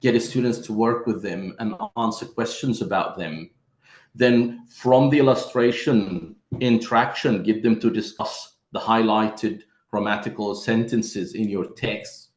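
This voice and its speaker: A man with a fairly low voice leads a lesson for teachers. He explains each step patiently and calls his listeners "my friends". The room around him rings with echo. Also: measured pace. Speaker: teacher trainer.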